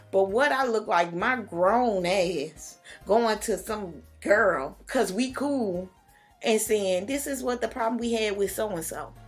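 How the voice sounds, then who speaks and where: A young woman vlogger telling a storytime in casual slang, jumping up high when she quotes herself. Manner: animated, slangy, big pitch jumps for quoted lines. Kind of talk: storytime vlog, casual retelling.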